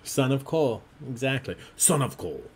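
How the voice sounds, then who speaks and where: A man's voice: medium pitch, very animated, moderate pace, husky. A man hosting an online trivia game, chatty and jokey, often laughing as he reads out answers. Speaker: trivia host.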